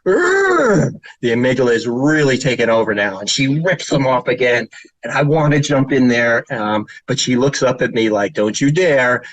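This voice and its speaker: The middle-aged child therapist talks briskly in a mid-range voice during a slide presentation, in a dry, low-quality recording. He tells stories informally, uses fillers, and at times acts out children's voices.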